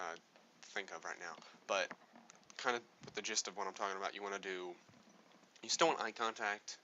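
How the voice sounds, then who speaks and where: A man's voice: low-pitched, brisk, sharp tone, highs cut off, slight background noise. A man giving a casual spoken tutorial on speaking, rambling and correcting himself as he goes. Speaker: speaking coach.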